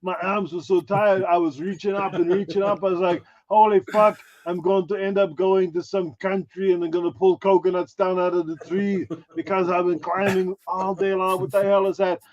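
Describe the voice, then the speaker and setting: A man's voice: high voice, steady tone, a little fast, vocal fry, few pauses, highs cut off. A man putting on the voice of a boastful action-movie star, bragging crudely while chatting on a podcast. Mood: ranting. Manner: brash, crude, self-promoting bragging. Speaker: guest impressionist. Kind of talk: podcast chat in character.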